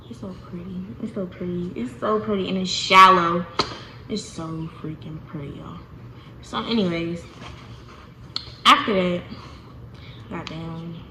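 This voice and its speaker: A young woman telling a casual storytime to her viewers, animated and chatty, often calling them y'all. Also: on the low side. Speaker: vlogger. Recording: echoey room with faint noise.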